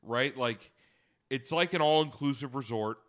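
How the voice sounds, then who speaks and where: A man's voice: medium pitch, a little slow, fairly bright tone. A young man telling a rambling trip story in a casual podcast chat, swearing and laughing often. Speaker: podcast co-host.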